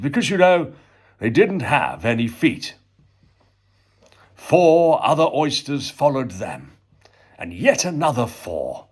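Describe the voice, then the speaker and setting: A man reading a storybook poem aloud, slow and expressive with dramatic pauses. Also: mid-range voice, husky. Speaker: reader.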